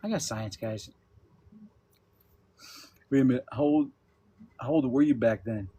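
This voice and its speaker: A man's voice: mid-range voice, unhurried, warm tone, husky. A man in his fifties hosting a casual livestream chat, laughing often and talking loosely with some swearing. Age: 50s. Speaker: livestream host. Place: at home with his dogs.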